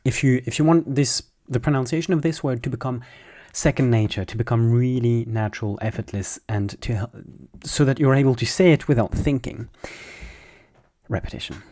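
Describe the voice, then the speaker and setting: A French man, a native speaker of French, gives a casual pronunciation lesson in a voice of middling pitch. He explains patiently and breaks sounds down, repeating each one slowly so the learner can follow. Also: warm tone. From France.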